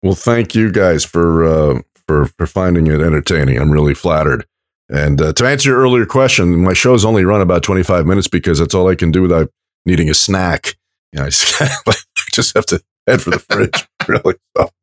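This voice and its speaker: Deep-voiced man with a lively voice. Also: no room sound, studio quality. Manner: friendly, quick to laugh. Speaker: podcast guest, host of another show. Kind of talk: casual podcast chat.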